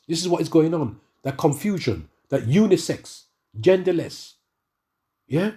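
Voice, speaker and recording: A middle-aged man ranting in a monologue and reading scripture to the brethren, animated and repetitive, often stumbling over restarts. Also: a little high, a little slow, breathy edge. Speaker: religious speaker addressing the brethren.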